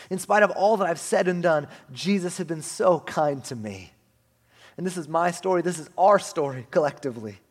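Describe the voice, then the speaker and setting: A man preaching a sermon in a conversational way, often asking the crowd "right?" and swinging between hushed, slow passages and loud, lively ones. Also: fairly high pitch. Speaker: pastor. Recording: long hall reverb.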